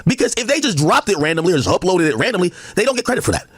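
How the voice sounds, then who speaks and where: Fast, husky man arguing insistently. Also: high-pitched, big pitch swings, no echo. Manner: argumentative, explains insistently, talks over others. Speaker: streamer debating with guests. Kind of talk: heated live-stream debate.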